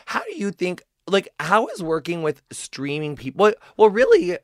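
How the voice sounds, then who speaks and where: A man's voice: high-pitched, wildly swooping pitch, normal speed, dry recording, clean studio sound. A male podcast host chatting with a guest in a gushing, effusive way, full of "like" and "oh my God". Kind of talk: casual celebrity interview chat.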